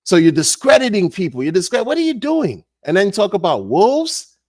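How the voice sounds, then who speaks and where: A man ranting in a casual monologue, animated and sarcastic, repeating words and laughing often. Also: sits high, normal speed, dry recording, clean studio sound. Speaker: crypto commentator.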